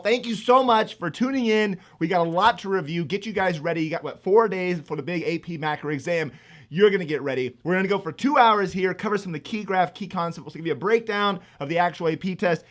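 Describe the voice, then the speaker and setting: Hyped-up man hosting an econ review. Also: high-pitched. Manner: energetic, hyped, rambling with fillers. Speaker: economics teacher. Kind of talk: live-streamed exam review.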